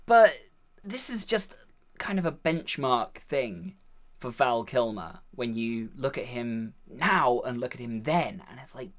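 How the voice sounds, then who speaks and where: A woman co-hosting a podcast, chatting casually about films, animated and quick to laugh. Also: very deep voice. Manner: animated, laughs, gets loud when excited. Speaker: podcast co-host. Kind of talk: casual film chat.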